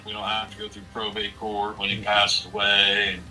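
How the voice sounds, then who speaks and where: A man's voice: on the low side, monotone, normal speed, bright, forceful tone, far from the mic, faint music behind, low-quality recording. A man in his forties in casual chat, talking bluntly and with a lot of swearing as he rambles through a family story. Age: 40s. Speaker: streamer.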